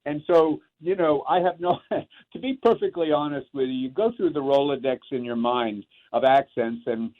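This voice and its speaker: A man who is an actor, speaking as an interview guest in a thoughtful, halting way. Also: on the high side. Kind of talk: reflective interview talk. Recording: tinny phone-like line.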